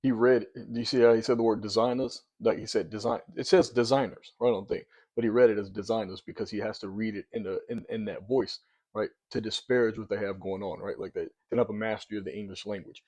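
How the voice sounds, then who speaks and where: Male commentator, casual reaction talk, pushy and argumentative, warm low timbre. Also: fast. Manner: animated, argumentative, repeats words when pressing a point.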